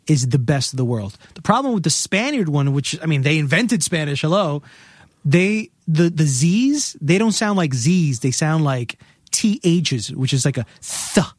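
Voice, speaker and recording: A man in casual chat, talking with lively emphasis and frequent restarts. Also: mid-range voice, no echo. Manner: animated, many restarts.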